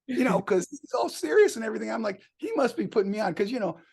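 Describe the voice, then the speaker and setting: A man with a gravelly voice sitting a bit high for a male speaker spins casual anecdotes as an interview guest. He laughs often and slips into the voices of the people he quotes. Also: fast talker. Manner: animated, laughs often, acts out quoted dialogue.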